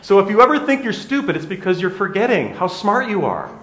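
A man's voice: sits high, huge pitch swings, fairly quick, a bit bright. A middle-aged man, a hypnotherapist, giving a candid, conversational motivational talk and often checking in with his listeners. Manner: candid, conversational, with frequent tag questions. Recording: echoey room.

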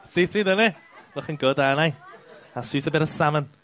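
A man's voice: fairly high pitch, fairly quick, background noise. A male stand-up comedian doing crowd work, teasing people in the audience with sweary banter. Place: comedy club stage.

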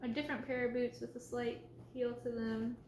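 Name: high-voiced woman. Role: ASMR Q&A host. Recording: roomy. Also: little pitch movement, fairly quick, slight background noise. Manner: soft-spoken, reads out viewer names and questions, scolds her cat. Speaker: ASMR creator answering viewer questions. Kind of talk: casual livestream Q&A chat.

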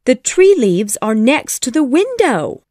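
A woman's voice: high voice, sing-song, unhurried, dark tone, dry recording, studio quality, pitched above the performer's own voice, full character voice. A woman doing an eager, insistent little girl. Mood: excited. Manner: insistent, exclaiming. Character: eager excited little girl, a true believer.

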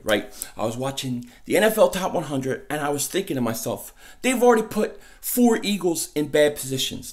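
A male sports vlogger with a loud, excitable manner who often shouts while doing a comedy bit and a fan rant. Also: fairly high pitch.

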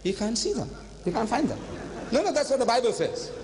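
Older man lecturing with lively pitch. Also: brisk, a little hiss or hum. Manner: animated storytelling, switching into Hindi-Urdu phrases. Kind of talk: religious lecture to an audience. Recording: long hall reverb.

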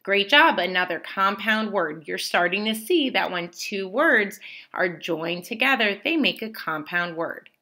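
A woman teacher giving a slow, clearly spoken lesson to young children, praising them often. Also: mid-range voice, animated, pushed and bright.

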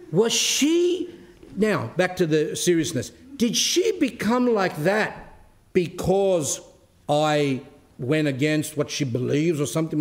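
Man giving an animated spiritual talk. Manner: storytelling with rhetorical questions; grows animated and high when telling the story. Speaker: Orthodox Christian cleric giving a talk. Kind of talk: spiritual talk with a personal anecdote.

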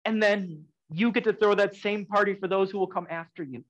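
A man preaching a sermon in an earnest, conversational way, swinging from loud emphasis to soft, quiet lines. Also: high-pitched, steady tone, a little fast, muffled recording. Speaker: pastor.

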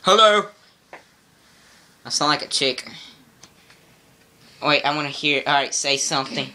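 A young man in goofy home-video banter, teasing his sister and quick to laugh. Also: a little high, sharp tone. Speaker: older brother joking with his sister.

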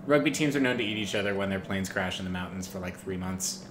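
A man's voice: low voice, quick pace. A man chatting while a friend plays a horror game, jumpy and sarcastic, complaining about the scares. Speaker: co-host watching a horror game. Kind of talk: casual let's-play chat. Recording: echoey room with faint hiss.

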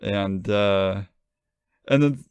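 A man's voice: lowish voice, drawn-out words, darkish tone, clear, resonant tone, no room sound. Rambling joking man, dry sound. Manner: rambling, self-deprecating, joking. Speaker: podcast co-host. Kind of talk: casual podcast chat.

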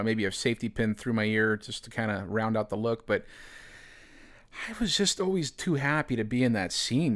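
A man hosting a podcast, telling a personal story in a casual, rambling way, full of fillers. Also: mid-range voice. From United States. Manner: rambling, heavy use of "you know" and "man". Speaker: podcast host.

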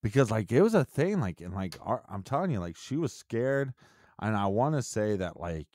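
Low-voiced man in casual podcast banter. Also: sing-song, moderate pace. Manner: crude, joking, bursts into mock yelling. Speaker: podcast co-host. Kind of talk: casual chat.

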